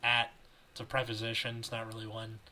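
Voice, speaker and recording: A man's voice: lowish voice, completely flat delivery, brisk, a crowd in the background. A man hosting a podcast over a video call, reading fanfiction aloud and chatting in a joking, rambling way. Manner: joking, rambling, laughs often. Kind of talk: reading aloud and casual chat.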